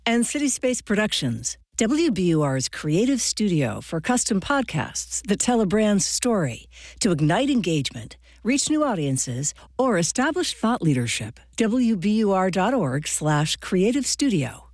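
A woman radio announcer reading funding credits in a crisp scripted style. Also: mid-range voice, very animated, unhurried, a little mellow, dry recording, studio quality.

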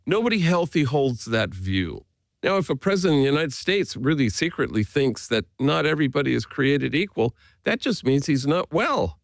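Gravelly, lively-voiced priest telling stories. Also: male voice, on the high side, no room sound. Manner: earnest, gentle, tells stories with quoted voices. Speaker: Jesuit priest, guest. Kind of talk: reflective conversational storytelling.

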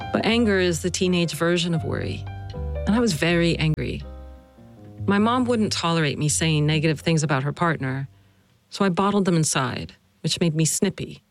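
A woman hosting and narrating a personal podcast, earnest and measured, speaking to her mother. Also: low voice. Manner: earnest, emotional, measured storytelling. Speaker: host and narrator.

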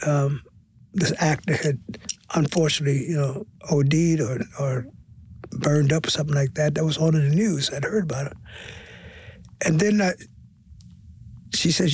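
An older man telling stories in an interview, expressive and repeating words, sometimes dropping to a hush for emphasis. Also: on the high side, normal speed, pauses often, slight background noise. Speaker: guest, stage performer. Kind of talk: interview storytelling.

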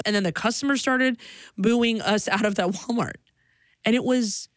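A woman telling a personal story with animated delivery, jumping into a higher pitch whenever she quotes someone. Her voice sits at a middle pitch, recorded dry and close. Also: a little fast, dry recording.

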